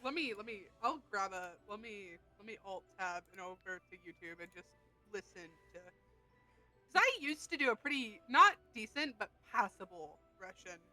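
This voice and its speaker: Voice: medium pitch, expressive, normal speed, pushed and bright, soft background music, low-quality recording. A player in casual tabletop game chat, playful and encouraging.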